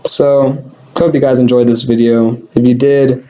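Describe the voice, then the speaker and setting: A man's voice: mid-range voice, little pitch movement, a little slow, dark tone, muffled recording. A young man casually telling a personal story to camera as a vlogger, rambling with lots of fillers and self-deprecating asides.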